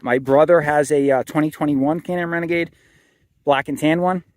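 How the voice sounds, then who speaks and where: A man's voice: fairly high pitch, fairly even intonation, moderate pace. A married man hosting his own channel, talking casually and rambling a bit, with fillers and restarts. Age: adult, married with a son. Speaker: channel host. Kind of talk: casual walkaround vlog.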